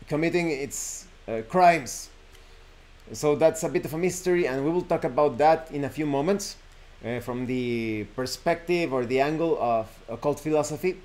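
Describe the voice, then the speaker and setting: A man's voice: on the high side, darkish tone. A man, hosting a show and casually retelling a horror folk tale, rambling and correcting himself with frequent fillers. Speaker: host. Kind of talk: casual storytelling.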